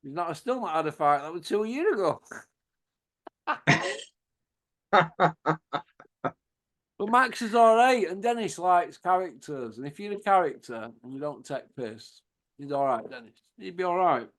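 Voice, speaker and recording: A man's voice: high-pitched, sing-song, a little slow, pauses often, a bit bright. A man, hosting a casual chat and telling rambling, laughing anecdotes with plenty of swearing. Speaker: podcast host.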